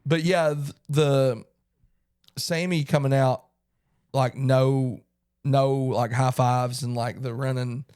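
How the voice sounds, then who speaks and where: A man's voice: medium pitch, fairly even intonation, takes it slowly, darkish tone, clear, resonant tone, no echo, clean studio sound. A man co-hosting a podcast in a casual chat, rambling and restarting his sentences. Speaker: podcast co-host.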